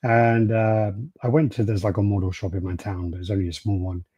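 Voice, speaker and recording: A man's voice: lowish voice, level tone, brisk, warm tone, slightly rough, no room sound, muffled recording. A British man co-hosting a podcast, chatting casually, telling stories with plenty of swearing and laughter. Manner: storytelling, swears freely, laughs often. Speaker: podcast co-host. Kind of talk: casual chat.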